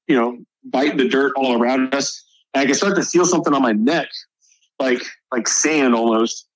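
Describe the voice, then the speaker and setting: A man's voice: medium pitch, no room sound, low-quality recording. A male soldier guest on a podcast, telling a combat story in a casual, profane way.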